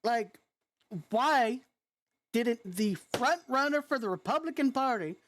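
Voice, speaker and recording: A woman with a youthful-sounding voice delivers a heated, blunt reaction rant. She talks slowly and swears freely, her frustration plain in every phrase. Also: on the high side, lively intonation, a little hiss or hum. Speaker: vlogger.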